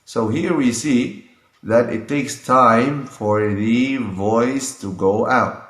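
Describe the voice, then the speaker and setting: Slow-speaking man teaching letters. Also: mid-range voice, a bit bright, echoey room. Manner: repeats sounds and phrases to demonstrate them. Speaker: Quran pronunciation teacher. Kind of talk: slow explanatory lesson with demonstrations.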